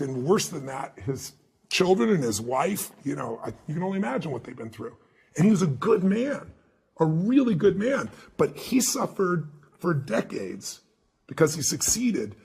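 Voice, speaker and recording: A man being interviewed as an author, telling stories in an emphatic, animated way and acting out the dialogue. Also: fairly high pitch, vocal fry, slightly rough. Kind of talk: interview storytelling.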